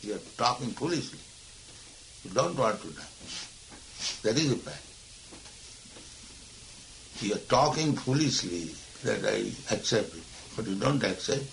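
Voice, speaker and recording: A man's voice: lowish voice, animated, a little slow, vocal fry, pauses often, a bit bright, a little hiss or hum, low-quality recording. A man, a spiritual teacher speaking emphatically and admonishingly in a philosophical discussion.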